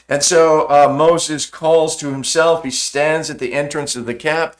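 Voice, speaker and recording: Preaching in an unhurried, fairly high-pitched voice, a man recounts a story in his sermon with vivid, conversational energy, often saying "uh."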